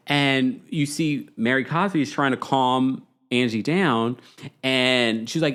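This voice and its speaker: A man's voice: mid-range voice, normal speed. A man hosting a podcast, recapping a reality show in casual, gossipy chat and acting out what the cast said. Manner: animated, gossipy, acts out quotes. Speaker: podcast host.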